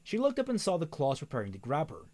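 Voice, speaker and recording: A man's voice: a little high, wildly swooping pitch, fast, a little mellow. A man reading a novel aloud on a stream, often stumbling and correcting himself, with wry asides.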